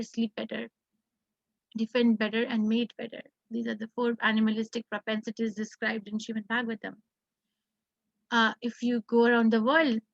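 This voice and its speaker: A woman's voice: a little high, fairly bright tone, no room sound. A woman with an Indian English accent teaching a scripture class, explaining earnestly and reciting Sanskrit verses. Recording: dull lo-fi class recording.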